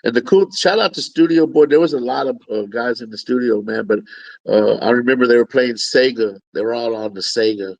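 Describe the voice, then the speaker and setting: Gravelly dude rambling easy, lots of uh's, lo-fi sounding. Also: male voice, mid-range voice, brisk. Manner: laid-back, rambling, lots of fillers and swearing. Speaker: podcast co-host, music producer. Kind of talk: casual chat. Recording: dull lo-fi audio.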